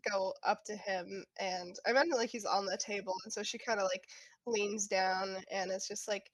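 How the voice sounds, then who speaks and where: A woman's voice: mid-range voice, fairly even intonation, moderate pace, dry recording. A woman playing in a tabletop game, describing her character's actions in a hesitant, filler-heavy way. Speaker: player.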